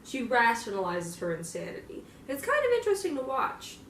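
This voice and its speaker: A young woman's fairly high, fairly bright voice swoops wildly in pitch as she rambles quickly through an in-character monologue. The fan roleplayer swears freely and scatters fillers, heard from a distance in an echoey room over a faint ambient hum.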